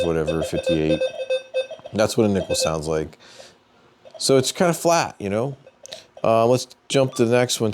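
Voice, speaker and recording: A man hosting a metal detecting channel, explaining device settings in a relaxed, plain-spoken tutorial and thinking aloud as he goes. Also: fairly low pitch. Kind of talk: casual how-to tutorial.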